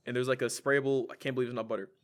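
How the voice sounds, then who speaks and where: A man's voice: medium pitch, flat delivery, very fast. A man co-hosting a podcast, telling a story casually and animatedly, mimicking the people in it and laughing often. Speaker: podcast co-host.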